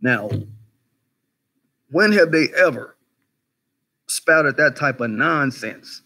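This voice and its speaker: A fairly high-pitched man takes his time speaking as host of a casual commentary livestream. Animated and chatty, he swears freely, peppers his talk with rhetorical questions, and names viewers in chat as he greets them.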